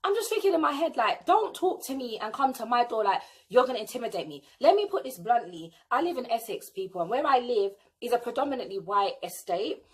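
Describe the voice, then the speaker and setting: A woman's voice: a little high, big pitch swings, a little fast. A young British woman with a sassy, indignant manner, telling a storytime vlog. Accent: British English. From England. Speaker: vlogger.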